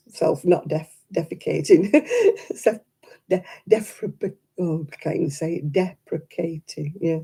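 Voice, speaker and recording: A woman's voice: sits low, creaky, warm tone, slightly rough. A woman chatting casually to her live stream audience, rambling and self-deprecating.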